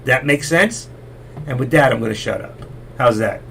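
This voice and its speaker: A middle-aged man hosts a live stream, chatty and folksy, telling rambling stories and repeating himself as his voice gives out. His mid-range voice is creaky and a bit bright at normal speed, with a little hiss or hum in the recording.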